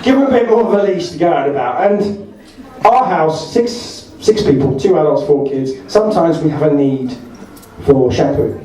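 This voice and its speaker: A man's voice: a little high, animated, normal speed, dark tone. A man, doing rambling stand-up anecdotes at a party. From Essex, England. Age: 40s. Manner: rambling, chatty, self-correcting. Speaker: stand-up comedian. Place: large hall. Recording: echoey hall, far from the mic, crowd.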